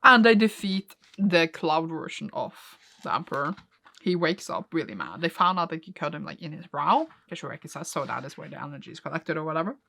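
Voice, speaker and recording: A woman casually retelling and reacting to a comic she is reading, excitable and emotional, often laughing and close to tears. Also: deep voice, a little fast, gravelly. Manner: excitable, gushing, laughs often, retells scenes with quoted voices. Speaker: manga reaction vlogger.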